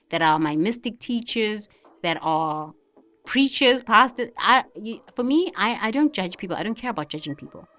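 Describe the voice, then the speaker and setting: A woman giving an animated spiritual monologue to camera, often laughing and mimicking others. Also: medium pitch. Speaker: vlogger.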